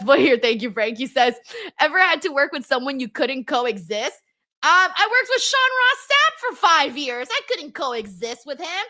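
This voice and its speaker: Woman streamer in her thirties, casual host, bright, forceful high voice, laughs and swears a lot. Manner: laughs often, swears casually, reads comments aloud. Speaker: live stream host reading chat. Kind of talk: casual live stream chat.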